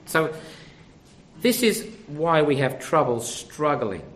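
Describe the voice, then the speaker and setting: A man's voice: fairly high pitch, lively intonation, takes it slowly, a little hiss or hum. An older man preaching a sermon, conversational and full of rhetorical questions.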